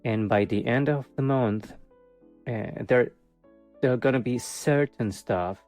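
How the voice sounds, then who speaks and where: A man's voice: mid-range voice, a little slow, darkish tone, soft background music. A man giving a casual tarot reading for the month, rambling with many fillers, chuckling often and joking with wry sarcasm. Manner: wry, self-mocking sarcasm. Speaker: tarot reader.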